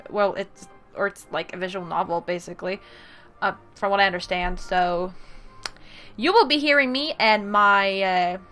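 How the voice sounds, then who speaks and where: A woman's voice: mid-range voice, moderate pace, pushed and bright, soft background music. A woman hosting a casual game playthrough and reading story text aloud, hesitant and self-deprecating with many fillers. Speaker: gaming video host.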